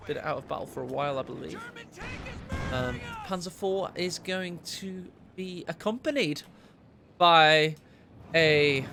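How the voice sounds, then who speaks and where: A man doing live game commentary, excitable and cheeky, teasing his co-caster. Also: sits high, a little hiss or hum. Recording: loud game battle sounds behind.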